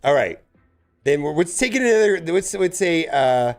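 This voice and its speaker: A man streaming a mobile game, chatting casually with viewers in a rambling, stammering way that bursts into loud exclamations. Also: on the high side, sing-song, moderate pace, faint music behind.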